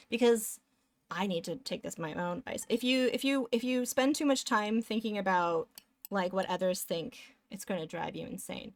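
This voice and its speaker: A woman's voice: mid-range voice, no room sound. A young woman streamer chatting casually with viewers in a rambling way, eating between sentences, close to a desk microphone. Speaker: live streamer.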